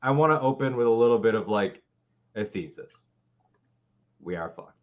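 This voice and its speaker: A man's voice: on the low side, animated, moderate pace, muffled recording. Fired-up young man ranting on politics. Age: 20s. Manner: impassioned, profane ranting. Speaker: co-host. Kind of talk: live political talk show.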